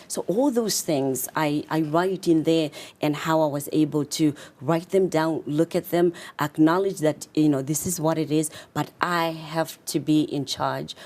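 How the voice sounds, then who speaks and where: Interview guest: Zimbabwean-accented woman, low pitch, brisk and animated coach. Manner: animated, fast with many fillers. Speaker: guest, confidence coach and author. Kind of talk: casual interview talk.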